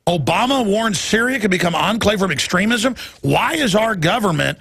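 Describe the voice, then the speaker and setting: A man hosting talk radio, his gravelly voice sharp and forceful. He talks in rapid, halting bursts, repeating words as he pushes on. The studio sound is dry and close. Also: sits high, animated, no room sound. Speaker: radio talk show host.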